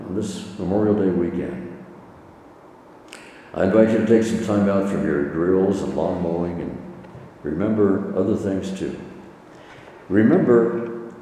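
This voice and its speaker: A man preaches in a low, mellow voice, earnest and measured, repeating his phrases for weight. He is recorded from a distance in a large hall with a long, echoing reverb and a faint room hiss behind him. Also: lively intonation. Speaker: pastor. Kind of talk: sermon. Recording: echoey hall from far off.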